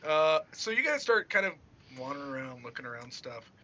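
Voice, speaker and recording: A man's voice: a little high, sing-song, brisk, sharp tone. A man running a casual tabletop game as game master, laughing often and narrating loosely with lots of fillers.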